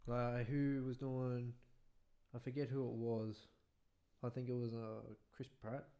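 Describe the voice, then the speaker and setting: A man's voice: mid-range voice, flat delivery, measured pace, dark tone. A young man, co-hosting a podcast, laid-back and laughing often, with casual swearing. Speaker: podcast co-host. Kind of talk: casual chat.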